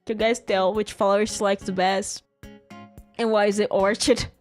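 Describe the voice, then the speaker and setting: A woman's voice: mid-range voice, level tone, normal speed, soft background music. A woman streamer chatting casually, giggling often as she tells a rambling story with false starts.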